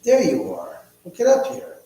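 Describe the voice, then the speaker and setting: A man's voice: high voice, wildly swooping pitch, moderate pace, warm tone. A man hosting a live stream from home, casually rambling, joking and reading chat aloud. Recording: echoey room with faint hum.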